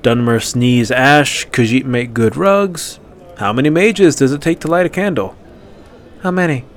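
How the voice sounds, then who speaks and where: A man's voice: mid-range voice, animated, measured pace, close to an everyday voice. A man voicing a wry, easily flustered male hunter in a storybook reading.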